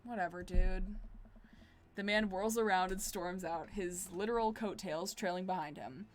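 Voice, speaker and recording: A woman's voice: mid-range voice, moderate pace, slight background noise. A woman streaming a dating game, reading it aloud with wry, chatty commentary. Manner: wry, chatty, deadpan asides.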